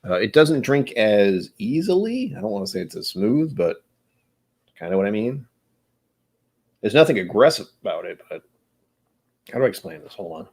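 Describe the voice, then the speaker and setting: A man with a somewhat low voice talks his way through a live tasting session. He muses aloud and wanders off track, then gently pokes fun at himself. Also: big pitch swings, moderate pace, vocal fry, pauses often, slightly rough. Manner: rambling, musing, self-deprecating. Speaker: host of a whiskey tasting stream. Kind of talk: casual live-stream chat while tasting.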